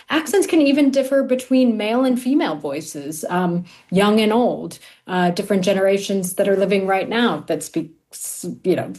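Female dialect coach, clear and explanatory, mid-pitched. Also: a little mellow. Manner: articulate, explanatory, some fillers. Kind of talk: interview answers.

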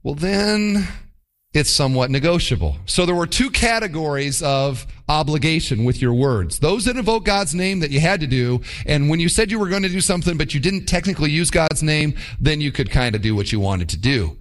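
Animated male preacher, lively pitch. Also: brisk. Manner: animated, emphatic preaching with mock quotes. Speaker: pastor. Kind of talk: sermon.

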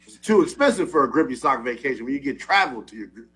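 A man co-hosting a show, teasing in casual banter, with his voice jumping up when he gets excited. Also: fast talker. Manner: animated, teasing, jumps up in pitch when excited. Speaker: co-host.

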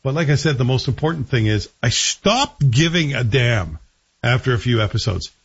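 A man's voice: mid-range voice, big pitch swings, moderate pace, a bit bright, slightly rough. A man giving a chatty, wry TV review in a casual, frank way. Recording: dull lo-fi recording.

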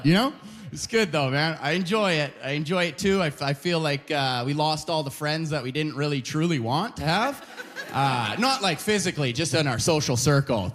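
A man from Alberta, doing an animated, rambling stand-up set on a comedy club stage. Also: on the high side. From Alberta, Canada. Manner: animated, rambling, peppered with "you know".

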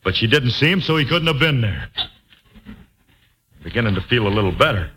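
A man's voice: mid-range voice, big pitch swings, brisk, bright, forceful tone. Flustered man in old radio comedy. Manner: flustered, exasperated. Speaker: sitcom lead. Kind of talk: 1940s radio comedy acting. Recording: very noisy old radio broadcast.

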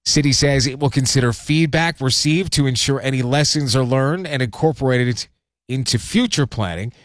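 A man hosting radio news, reading in a steady, measured way. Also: medium pitch, no room sound, studio quality. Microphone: studio mic.

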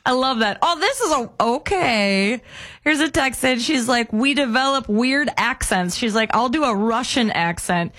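Female co-host, slightly high voice, animated delivery, casual banter. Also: a little slow. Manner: animated, laughs often, reads listener texts. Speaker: radio co-host. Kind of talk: casual chat.

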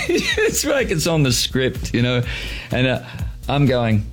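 A man's voice: mid-range voice, huge pitch swings, moderate pace, faint music behind. A man casually telling a self-deprecating story from his past, laughing now and then. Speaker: interview guest. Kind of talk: casual anecdote.

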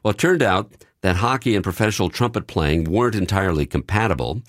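Low dry-voiced older radio man. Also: animated, fast talker, no echo. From Minnesota. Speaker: retiring radio station president. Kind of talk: scripted radio narration.

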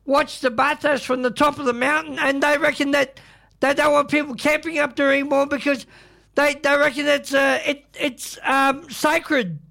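An Australian man hosting a community radio show, talking in a halting way with lots of fillers and restarts, and full of strong opinions. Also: very high-pitched, little pitch movement, creaky, pushed and bright. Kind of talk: casual radio chat.

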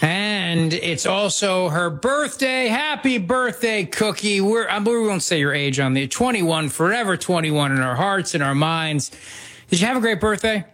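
A man's voice: sits high, expressive, a little slow, fairly bright tone. A man co-hosting a radio talk show, teasing his co-host in a dry, sarcastic way. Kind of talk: casual chat.

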